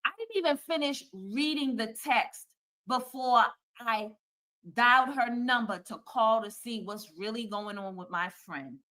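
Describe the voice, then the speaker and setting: A grown woman streaming live and telling a story about a falling-out with a friend, her voice bright and fairly high. She talks in a casual, animated way, swears freely and slips into the voices of the people she quotes. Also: a little slow. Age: adult. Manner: animated, profane, acts out quoted dialogue.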